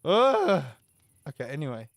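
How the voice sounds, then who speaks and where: An excitable young man narrating his game run with a high voice and an unhurried delivery. He yells and swears at enemies between calmer chatter, and a faint hiss of noise sits under his voice. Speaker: gaming channel host. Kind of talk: let's play commentary.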